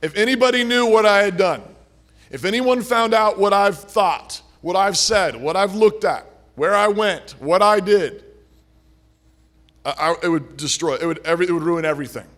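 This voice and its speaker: A man preaching a sermon with earnest, repetitive phrasing, swinging between forceful and hushed. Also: high voice, moderate pace.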